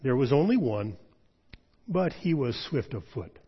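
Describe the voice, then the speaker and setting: A man voicing a huge, ancient male lion who speaks slowly in a deep, hushed voice. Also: sing-song, breathy edge. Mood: calm. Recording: dull lo-fi sound.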